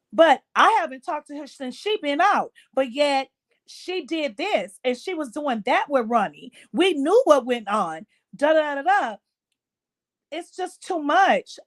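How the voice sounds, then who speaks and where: A woman with a notably high voice holds a casual late-night commentary, emphatic and indignant as she circles back over her points. She speaks in a loose way. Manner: indignant, emphatic, repeats herself. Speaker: livestream host.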